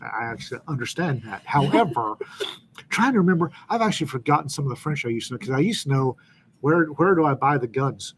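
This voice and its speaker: A man's voice: medium pitch, lively intonation, brisk, a little hiss or hum, rough recording. A man in casual group conversation, making wry jokes and asides. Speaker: chat participant.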